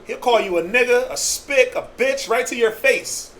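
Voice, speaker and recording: In a group discussion, a man speaks passionately, imitating the people he quotes and laughing often. His voice is very high-pitched at a normal speed, with background noise present.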